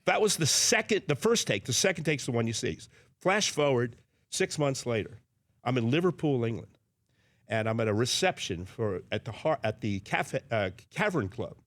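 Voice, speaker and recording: A man's voice: mid-range voice, moderate pace. A man, a veteran sports interviewer, telling chatty anecdotes as a guest and acting out the quotes. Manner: animated, chatty, acts out quotes. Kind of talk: anecdotal storytelling.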